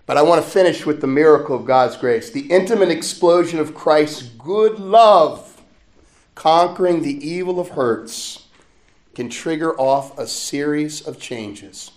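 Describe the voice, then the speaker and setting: A middle-aged man, a priest, preaching a sermon as he tells a personal story, gently and with frequent laughter. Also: a little high, measured pace, roomy sound. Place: church.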